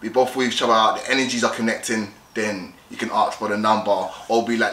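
A man's voice: lowish voice, level tone, fast talker, few pauses, a bit bright, echoey room, a little hiss or hum. A young man giving dating tips in a casual vlog, talking directly and acting out both sides of conversations. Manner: direct, repetitive, acts out both sides of chats.

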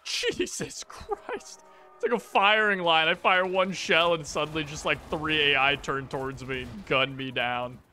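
A man commentating his own shooter gameplay, excitable and reactive, with game gunfire behind him. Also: on the high side, moderate pace, hardly any pauses. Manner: excitable, reactive, jokey, exclaims often. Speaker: gaming channel host. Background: gunfire and explosions from the game.

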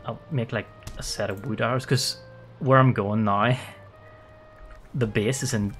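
A man streaming a game with playful, excitable commentary and frequent laughter. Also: lowish voice, unhurried, pauses often, faint music behind. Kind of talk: live gameplay commentary.

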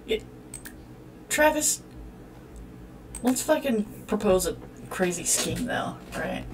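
A woman's voice: on the low side, wildly swooping pitch, measured pace, long pauses, recorded from a distance, a little hiss or hum. A woman hosting a let's-play, commenting on a life-sim game in a profane, exclamatory way as she talks at the characters. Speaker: gaming channel host.

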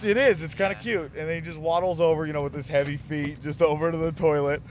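A man's voice: a little high, steady tone, fast talker, slight background noise. A man from a touring band's crew telling a rambling, profane road story in a casual chat inside a moving van. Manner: rambling, profane, self-mocking. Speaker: touring band crew member.

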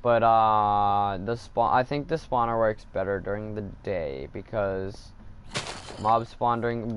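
A man with a fairly low voice talks casually over his gameplay, thinking out loud as he goes. He gets irritated easily at the game. A faint noise sits under the recording. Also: slow pace, dull audio. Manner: chatty, thinks aloud, easily annoyed by the game. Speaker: gaming video host.

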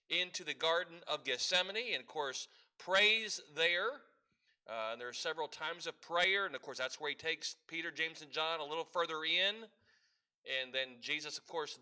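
Bright-voiced man preaching a sermon. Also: on the high side, clear, resonant tone. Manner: leads the congregation in call-and-response, reads scripture aloud. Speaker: pastor.

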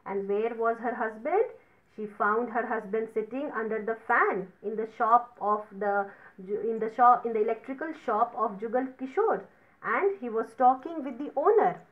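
A woman's voice: a little high, narrow, tinny audio. A woman teacher reading a story to children, stopping to explain words and retell each passage in simpler terms. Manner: explains words slowly, repeats and paraphrases.

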